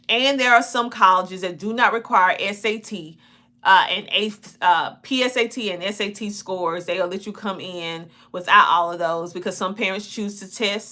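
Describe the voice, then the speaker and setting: A homeschooling parent appears as a guest on a talk show, chatting folksily in a Southern US country twang about homeschooling. Her voice is medium-pitched, bright, and forceful.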